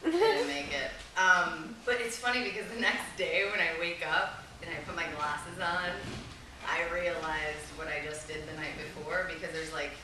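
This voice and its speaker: A woman's voice: lowish voice, fairly even intonation, moderate pace. A woman in her thirties from Chicago doing a rambling, chatty stand-up set, full of "like". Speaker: stand-up comedian. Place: comedy festival stage. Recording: echoey live room, far mic, audience noise.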